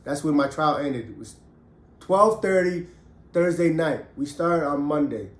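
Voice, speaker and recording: A man's voice: fairly high pitch, animated, a little slow, echoey room. A middle-aged man and former prisoner telling his own story bluntly and with heat, swearing freely. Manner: blunt, profane, emphatic, heated. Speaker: ex-convict storyteller. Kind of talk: candid personal storytelling.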